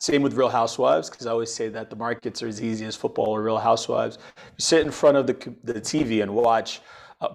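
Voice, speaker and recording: A man's voice: mid-range voice, vocal fry. A man with an ordinary mid-range voice talks as an interview guest. He is enthusiastic and upbeat, explaining his ideas through everyday comparisons. He sounds like he is on a remote call. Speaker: podcast guest, financial educator.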